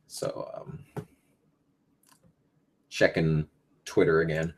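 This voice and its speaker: Rambling teen guy with a lively voice. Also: deep voice, extremely slow, pauses often, husky. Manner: rambling, lots of ums, swears freely. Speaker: gaming YouTuber host. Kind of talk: casual live Q&A chat.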